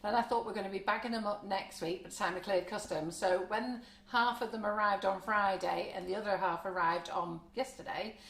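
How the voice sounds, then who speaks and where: A woman's voice: medium pitch, fairly even intonation, a little fast, few pauses, a bit bright, roomy sound. A woman hosting a live cake decorating demo, chatty and frank, laughing often. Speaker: baking show host. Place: home kitchen studio.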